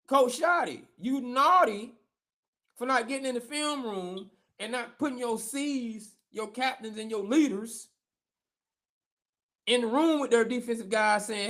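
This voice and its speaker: A man riffs on football on a live show, emphatic and animated, dropping slang and repeating lines for punch. His delivery stays brash and casual. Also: extremely high pitch, unhurried. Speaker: show co-host, former football player.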